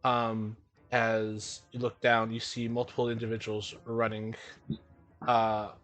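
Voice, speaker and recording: A man's voice: on the low side, completely flat delivery, a bit bright, faint music behind. Man narrating a tabletop game. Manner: halting, filler-heavy narration. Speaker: game master.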